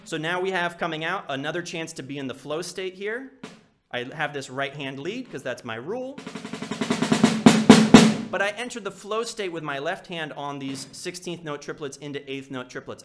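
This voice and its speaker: Over loud music and loud snare drumming, a man with a highish voice and lively intonation talks at a moderate pace. He walks through a percussion etude in a live lesson, counting aloud and singing the rhythms with syllables.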